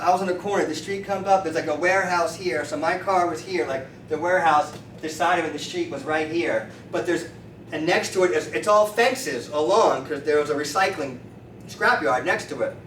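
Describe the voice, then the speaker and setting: A man in his fifties, a chiropractor, telling lively stories at a meeting and acting out the people he quotes. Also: high-pitched, moderate pace. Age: 50s. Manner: animated storyteller acting out quoted voices. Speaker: chiropractor, featured speaker. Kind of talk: storytelling talk to a meeting. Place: meeting room. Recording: roomy, distant mic with faint noise.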